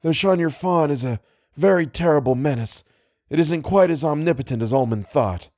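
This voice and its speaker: A man voicing a learned, mystical man who speaks gravely and lectures about a cosmic menace. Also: mid-range voice, a little mellow, no room sound, clean studio sound, natural voice. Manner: solemn, lecturing.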